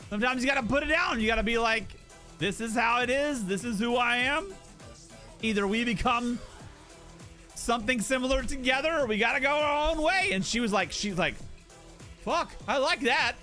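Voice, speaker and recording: A man's voice: very high-pitched, a little fast, soft background music. A young man chatting casually on a game live stream, telling stories with playful jokes and acted-out voices. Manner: animated storyteller who acts out voices and jokes.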